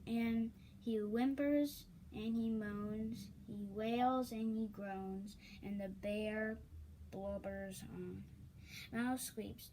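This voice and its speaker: A woman reading a children's picture book aloud, unhurried, with chatty asides to listeners. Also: fairly high pitch, steady tone, warm tone, a little hiss or hum, rough recording. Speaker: story reader.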